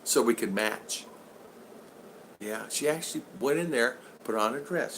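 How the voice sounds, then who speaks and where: A man's voice: medium pitch, a little slow, a bit bright, a little hiss or hum. An older man hosting a casual live-stream vlog, rambling along and reading out viewer comments. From United States. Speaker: vlog host.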